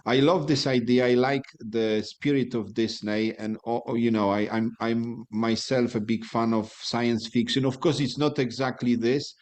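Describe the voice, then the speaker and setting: A man's voice: mid-range voice, steady tone, normal speed, few pauses, darkish tone. A man with a Ukrainian accent giving a hesitant impromptu answer at a club meeting. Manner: hesitant, with many restarts. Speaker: meeting participant.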